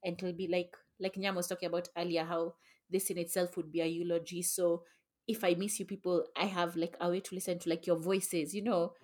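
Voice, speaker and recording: A woman's voice: fairly low pitch, flat delivery, brisk, a little mellow. A young woman co-hosting a podcast with her sisters, talking reflectively in casual chat and swearing now and then. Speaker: podcast co-host.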